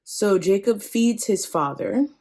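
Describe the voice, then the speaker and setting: A woman's voice: medium pitch, expressive, slow, mellow. A woman hosting a podcast, casually retelling a Bible story with slangy, joking asides. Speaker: podcast host.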